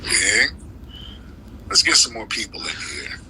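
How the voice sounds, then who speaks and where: A man hosting a live stream rants through political commentary, heated and slangy, leaning hard on his points. His tone is strikingly bright and cutting. Faint background noise sits under the voice. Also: fairly low pitch, very animated, a little slow, low-quality recording.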